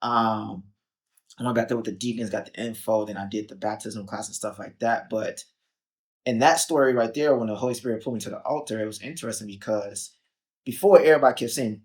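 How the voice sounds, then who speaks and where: A young man from Chicago, a podcast guest, telling his story in a casual, animated way, acting out quotes and filling with "like" and "um". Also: fairly low pitch, fairly quick.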